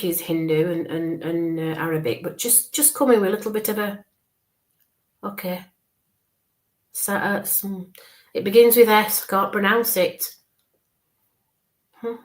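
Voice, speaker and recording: A woman in a mid-pitched voice, neither high nor low for a woman, gives a live psychic reading. She talks softly and reassuringly, builds up each image through repetition, and keeps checking in with her listener. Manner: describes visions slowly, checks in with frequent okays. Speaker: spiritual medium.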